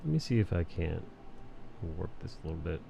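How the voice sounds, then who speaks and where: A man's voice: low voice, very animated, fairly quick, vocal fry, dark tone, a little hiss or hum. A man in his thirties hosting a casual live stream while he draws, rambling and joking crudely with the chat. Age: 30s. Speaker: live-stream host and artist.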